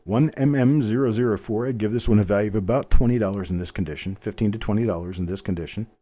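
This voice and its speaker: A man in his fifties talks quickly in a fairly low, mellow voice as he hosts a live coin stream. He's from the American Midwest with a general Midwestern accent, and his unboxing commentary is casual, folksy and prone to rambling.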